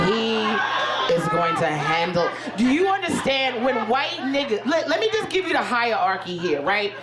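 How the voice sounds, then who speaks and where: High-voiced woman doing loud stand-up. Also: big pitch swings, moderate pace. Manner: loud, profane storytelling with big swings in voice. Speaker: stand-up comedian. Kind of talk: stand-up comedy set. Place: comedy club stage before a laughing audience. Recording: echoey live venue with loud crowd noise.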